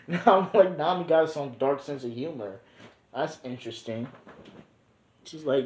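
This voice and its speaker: A man's voice: mid-range voice, animated, a little slow, darkish tone. A young man casually telling a made-up adventure story, rambling and slangy with many ums. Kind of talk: casual fan-fiction storytelling. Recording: roomy echo.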